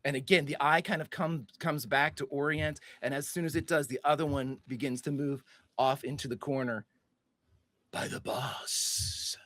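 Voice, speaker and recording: A man's voice: a little high, fairly bright tone, no room sound. A man narrating a tabletop game as game master, loose and rambling with many fillers and restarts.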